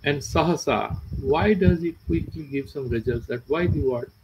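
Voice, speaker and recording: A man's voice: mid-range voice, moderate pace, noisy background. A man with an Indian English accent teaching philosophy, explaining verses with everyday examples and mixing in Sanskrit and Hindi. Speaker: Vedanta teacher. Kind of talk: philosophy lecture.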